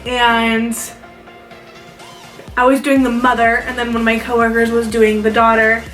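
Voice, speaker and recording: Young woman, higher voice, rambling makeup chat, lots of fillers, roomy echo, a step back from the mic, faint music. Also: monotone, a little slow, fairly bright tone, distant mic. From South Dakota, US. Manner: chatty, rambling, many "like" fillers. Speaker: beauty vlogger. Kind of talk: casual get-ready-with-me chat. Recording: echoey room, a bit off-mic, faint music.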